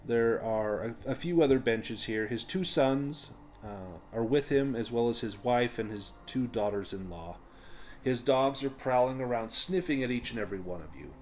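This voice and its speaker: A man running a tabletop game as game master, explaining rules and narrating scenes in a relaxed way with frequent ums. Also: medium pitch, moderate pace, slight background noise.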